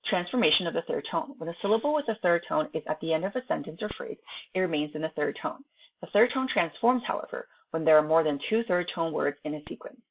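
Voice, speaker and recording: Low, gravelly woman teaching on a tinny line. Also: animated, quick pace. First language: Chinese. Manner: reads textbook aloud, then chats to students with frequent "right?" tags. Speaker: Chinese language teacher. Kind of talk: recorded online lesson. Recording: tinny phone-like home recording.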